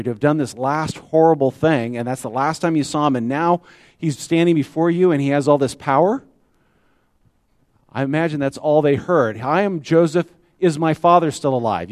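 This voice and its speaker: A middle-aged man preaching a sermon in a relaxed, conversational way, often asking rhetorical questions. His voice sits at an ordinary pitch. The sound is dry and close, with no room echo. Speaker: pastor.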